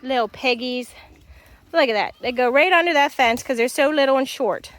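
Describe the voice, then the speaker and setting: A woman's voice: high voice, normal speed, a bit bright. A woman vlogging outdoors on a farm. She coaxes her animals in a sing-song voice and chats plainly to the camera. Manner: chatty, down-to-earth. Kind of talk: casual vlog narration.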